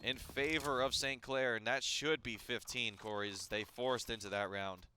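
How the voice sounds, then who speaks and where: A man calling live esports play-by-play, excitable and quick, with jokey asides. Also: medium pitch, a little hiss or hum.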